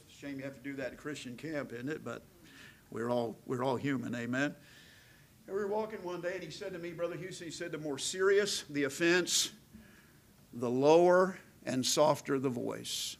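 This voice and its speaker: A middle-aged man preaches a sermon in a voice pitched a little high. He leans hard into his points and asks for amens from the congregation. At other moments he drops to a soft, serious near-whisper. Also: a little hiss or hum, low-quality recording. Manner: swings from loud emphatic preaching to hushed near-whisper; calls out "amen" to the congregation. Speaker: pastor.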